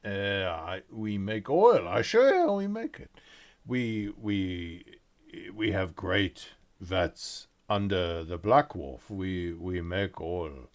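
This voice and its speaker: A man's voice: low-pitched, sing-song, slow, heavily acted. A man doing a huge, eager olive merchant. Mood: chatty. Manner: broken, repetitive sales patter. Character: huge, welcoming, chatty male olive merchant.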